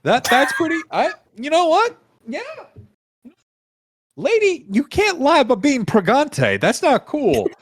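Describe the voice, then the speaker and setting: A man voicing a blunt male judge in a tabletop game, speaking in a high, squeaky, scolding voice. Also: huge pitch swings, unhurried, heavily acted. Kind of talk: tabletop game role-play.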